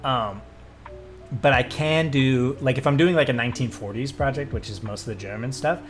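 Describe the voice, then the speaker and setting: A young man, a streamer and voice actor, chatting casually with his live chat, excitable and swearing freely as he drifts into tangents. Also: medium pitch, moderate pace, soft background music.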